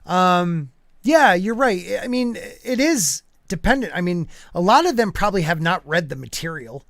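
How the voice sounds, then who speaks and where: Male podcast host, high-pitched and loose, casual fan chat, dry close mic. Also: expressive, moderate pace, fairly bright tone, dry recording. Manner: loose and chatty, with many fillers and asides.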